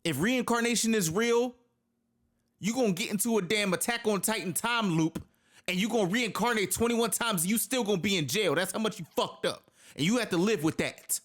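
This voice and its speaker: A man's voice: high voice, a little fast, fairly bright tone. A man hosting a reaction video, reacting in casual, profane, exasperated outbursts.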